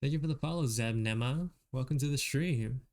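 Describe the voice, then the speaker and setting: A man streaming while he draws, chatting casually with viewers in a relaxed way and chuckling often. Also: medium pitch, fairly quick, slight background noise.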